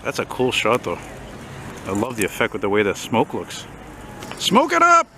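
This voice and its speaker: An older man vlogging as he walks a city street, rambling and opinionated, a self-described loudmouth. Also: on the low side, moderate pace. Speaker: walking vlogger. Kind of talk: casual walking commentary. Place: city street outdoors, walking. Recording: street noise behind.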